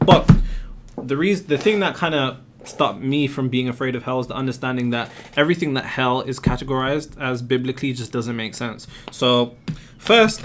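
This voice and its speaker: A man's voice: mid-range voice, very noisy. A man hosting a live question-and-answer stream, explaining his views with emphatic rhetorical questions. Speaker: host answering viewer questions.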